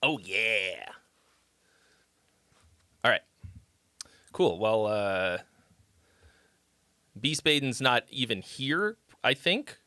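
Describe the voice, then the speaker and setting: A man's voice: lowish voice, expressive, extremely slow, pauses often, bright, forceful tone, dry recording, studio quality. A man hosting a live stream where he critiques fans' songs, chatting loosely, swearing and reacting on the fly. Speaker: livestream host critiquing fan songs. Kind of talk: casual live-stream chat.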